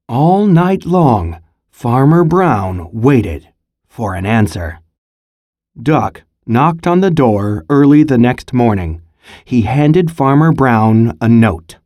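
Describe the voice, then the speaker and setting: Teacher doing a read-aloud, super slow and expressive, voice goes up and down a lot, stops to ask the class questions. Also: medium pitch, no echo, clean studio sound. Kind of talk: picture-book read-aloud with comprehension prompts.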